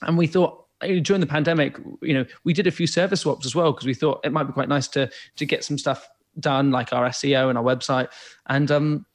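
A man who co-founded a business, talking as a guest in a halting way with many fillers. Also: mid-range voice, fairly even intonation. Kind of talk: casual interview chat.

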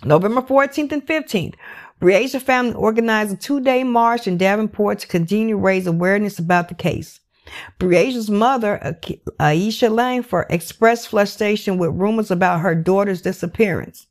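A woman narrates a true crime case in a loose, conversational way, her voice sitting at an ordinary middle pitch. She talks candidly and with feeling, swears freely and keeps slipping in "like" as she goes. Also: normal speed. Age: adult parent. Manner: emotional, candid and profane, with many "like" fillers. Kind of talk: casual true crime recap.

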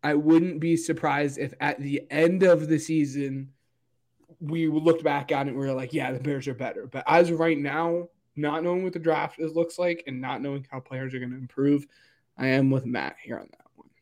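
A young man co-hosts a sports podcast in a casual, conversational way, hedging as he weighs his points. His voice sits a bit high for a man. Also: level tone, moderate pace, darkish tone. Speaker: podcast co-host.

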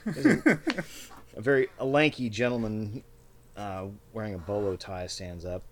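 Low-voiced male game master. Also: normal speed, a little hiss or hum. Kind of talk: narrating a tabletop game.

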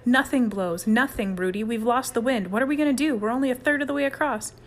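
A woman's voice: a little high, fast talker. A woman voicing a tired, grumbling boy camper who frets easily. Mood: exasperated. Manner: whiny, grumbling.

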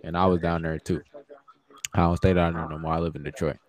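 Speaking fast in a low register, a young male podcast co-host spins stories in loose, foul-mouthed conversation. He's animated and performs the quoted dialogue himself.

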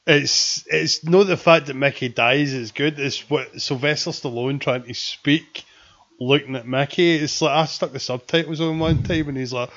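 A man banters and jokes through a casual chat. His voice sits fairly high for a man. The recording sounds muffled and lo-fi. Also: steady tone, moderate pace, a bit bright. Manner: joking, banters back.

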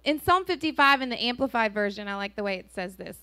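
A woman's voice: on the high side, quick pace, hardly any pauses, no room sound. A woman pastor, telling a personal story in a sermon and acting out the voices. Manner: animated storytelling, acts out dialogue. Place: church sanctuary.

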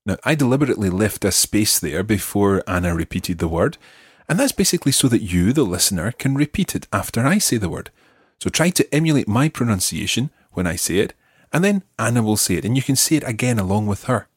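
Husky-voiced man teaching a lesson. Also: on the low side, very animated, no echo, clean studio sound. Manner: clear, deliberate teaching, slows down to model words. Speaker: language course host and teacher. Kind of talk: scripted language lesson. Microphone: close studio mic.

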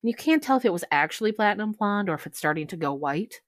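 A woman narrating as game master in a tabletop role-play, unhurried and halting, with giggly asides. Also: mid-range voice, lively intonation, dry recording, studio quality.

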